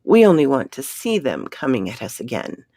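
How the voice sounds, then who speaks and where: A woman's voice: extremely low pitch, wildly swooping pitch, normal speed, gravelly, warm tone, no echo, studio quality, heavily acted. A woman voicing a tired but determined male space explorer who speaks earnestly and urges his partner on. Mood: calm.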